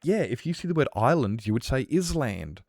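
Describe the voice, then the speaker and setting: A man's voice: medium pitch, very animated, a little fast, gravelly, a little mellow, dry recording, clean studio sound. An Australian man streaming a game, chatting casually and rambling with lots of fillers while he responds to chat.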